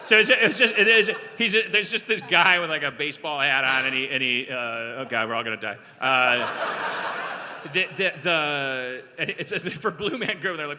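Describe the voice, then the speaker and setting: A man's voice: medium pitch, fairly quick, pushed and bright. A man from Milwaukee hosting a live comedy podcast on a theater stage, telling rambling, self-deprecating stories. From Milwaukee, USA. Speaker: podcast host. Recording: long theater hall reverb.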